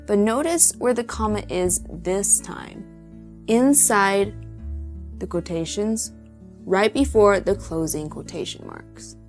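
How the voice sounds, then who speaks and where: A woman teacher narrates a lesson in a slow, clear way, with a voice of middle pitch. Soft guitar music plays faintly behind her.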